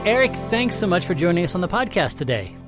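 Lively high-voiced podcast host. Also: male voice, fast talker, loud music behind the voice. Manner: laughs often, chatty. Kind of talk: upbeat podcast hosting.

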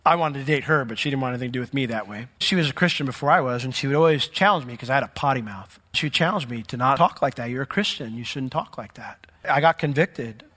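A man preaching a sermon as pastor, in a conversational way with joking asides and sudden jumps in pitch. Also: fast, few pauses, bright, forceful tone. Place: church sanctuary. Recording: long hall reverb.

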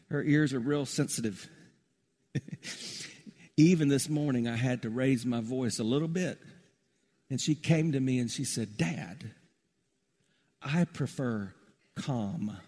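A middle-aged man preaching a sermon in a church, rising to loud emphatic peaks and dropping to soft, low asides. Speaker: pastor. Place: church sanctuary. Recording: long reverb of a large hall.

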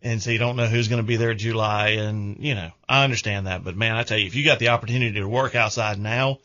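A man's voice: lowish voice, fairly even intonation, fast, pushed and bright, highs cut off. A middle-aged man, hosting a radio show in casual, rambling chat.

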